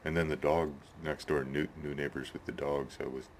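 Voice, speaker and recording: A man's voice: extremely low pitch, little pitch movement, normal speed, slight background noise. A man rambling casually about his neighbors and his hobby build in his workshop, tagging sentences with "eh". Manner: rambling, chatty, tags sentences with "eh". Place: home workshop shed.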